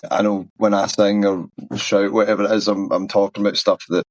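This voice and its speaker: Glaswegian man, low pitch, dry close sound, frank and rambling. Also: flat delivery, brisk, no echo. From Scotland. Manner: rambling, frank, swears casually. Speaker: band's singer. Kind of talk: casual interview answers.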